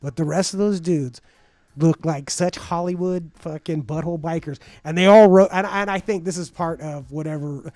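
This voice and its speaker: High-voiced man, casual podcast banter, lots of swearing, animated storytelling. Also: normal speed, no room sound. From US West Coast. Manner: profane, animated storytelling with acted-out quotes. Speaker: podcast co-host. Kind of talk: casual chat.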